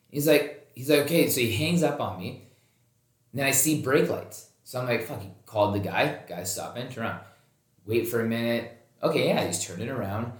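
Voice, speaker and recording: A man hosting a podcast, telling a story in casual chat, acting out the dialogue and swearing freely. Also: mid-range voice. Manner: animated, acts out quoted dialogue, swears freely. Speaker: podcast host. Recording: roomy echoey recording.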